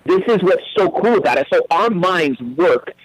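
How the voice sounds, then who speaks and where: Energetic storytelling man, slightly high voice. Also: normal speed, no echo, poor audio. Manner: energetic storyteller, acts out little scenes. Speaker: guest author. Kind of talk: radio talk show interview.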